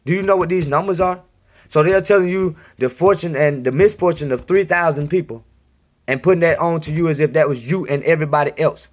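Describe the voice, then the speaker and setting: A man's voice: on the high side, a little fast. A man giving a casual, rambling monologue to his viewers in a home recording, insistent and repeating himself. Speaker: video blogger.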